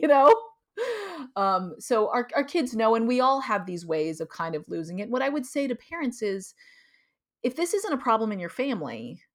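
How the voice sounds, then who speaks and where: A middle-aged woman speaking as a guest author in a casual interview. She talks expressively and emphatically, and she acts out her own reactions in quoted asides. Her voice sits at an ordinary middle pitch.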